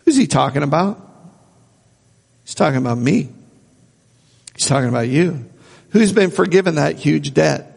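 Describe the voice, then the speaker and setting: A man's voice: on the high side, normal speed, vocal fry, pauses often, a little mellow, slightly rough, long reverb tail. A man preaching a sermon as a pastor, earnestly repeating phrases for emphasis.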